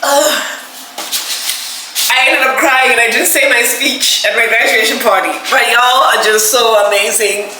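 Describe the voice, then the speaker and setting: A woman's voice: fairly high pitch, steady tone, a little slow, pushed and bright. A young woman, unboxing gifts in a casual vlog, gushing, emotional and laughing often. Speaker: vlogger. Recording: echoey room, background noise.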